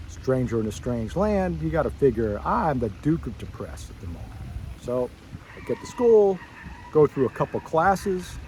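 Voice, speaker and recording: A man's voice: medium pitch, a little hiss or hum, rough recording. A middle-aged man speaking to old schoolmates at a reunion, telling a story from his school days in a rambling way and acting out his younger self's reactions. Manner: storytelling, acts out his own past reactions with rising excitement; wandering, self-correcting asides. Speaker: former student addressing a school reunion. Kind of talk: personal reminiscence to old classmates.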